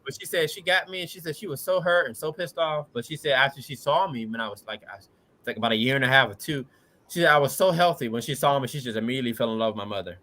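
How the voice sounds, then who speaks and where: A Washington DC man in his late twenties, a guest on a podcast, tells his life story casually and earnestly. His voice is medium-pitched, fast, and sharp, and he often adds "you know what I'm saying."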